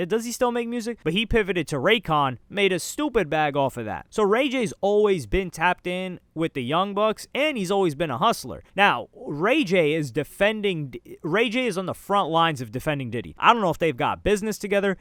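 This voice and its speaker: Man, casual commentary host, slangy and joking, higher-pitched, dry close sound. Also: no room sound. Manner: loose, joking, slangy, animated swings in pitch.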